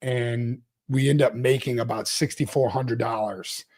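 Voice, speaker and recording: A man in his forties, a company CEO telling his start-up story in a casual interview, rambling and animated, laughing often. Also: medium pitch, a little slow. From Louisiana, US. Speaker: CEO guest.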